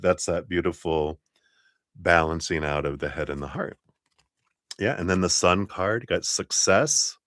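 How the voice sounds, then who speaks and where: Low-voiced man giving a rambling tarot reading. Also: a bit bright, no echo, clean studio sound. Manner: rambling, laughs often, many fillers. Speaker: tarot reader. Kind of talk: casual livestream tarot reading.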